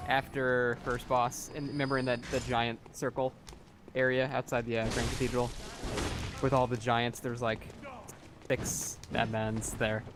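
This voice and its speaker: A man's voice: medium pitch, level tone, measured pace, background noise. Chatty man explaining a game. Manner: talkative, explaining game details with laughs. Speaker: co-host. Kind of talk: casual gaming chat.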